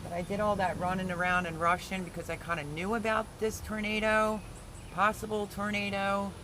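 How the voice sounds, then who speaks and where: A man with a high voice chats loosely through a livestream, wandering from topic to topic and answering his viewers as he goes. He talks into a phone camera out in his backyard garden, with plenty of outdoor noise around him. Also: fairly even intonation, a little fast. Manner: rambling, chatty, answers viewer comments. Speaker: livestream host, home gardener. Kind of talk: casual livestream chat. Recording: noisy outdoor ambience.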